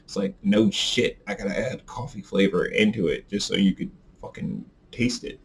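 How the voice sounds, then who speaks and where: A man's voice: fairly low pitch, a little fast, vocal fry, few pauses, a little mellow, slight background noise. A young man talking casually to his viewers in a rambling, profane, heated rant. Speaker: vlogger reviewing vape carts.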